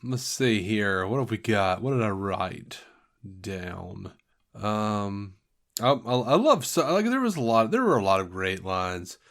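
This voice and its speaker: A man's voice: fairly low pitch, very animated, measured pace, creaky, fairly bright tone. A man co-hosting a podcast in casual chat, talking with eager enthusiasm about favorite moments. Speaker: podcast co-host. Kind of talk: casual chat reviewing a TV episode.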